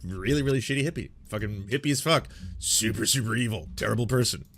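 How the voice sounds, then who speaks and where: A man's voice: on the low side, fast, slight background noise. A man giving casual, rambling live-stream commentary, talking loosely and swearing often. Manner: animated, rambling, frequent swearing. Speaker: streamer reacting to a video.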